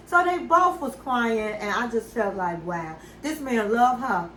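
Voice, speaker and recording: A woman's voice: high-pitched, a little slow, a bit bright, reverberant, a little hiss or hum, rough recording. A woman hosting a casual reality-TV recap, telling the story in a chatty, gossipy way with side comments. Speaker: recap show host.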